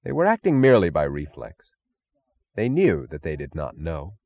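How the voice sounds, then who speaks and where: A man narrating an audiobook in an expressive, dramatic reading. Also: rumbling low, normal speed, vocal fry, no echo, lo-fi sound.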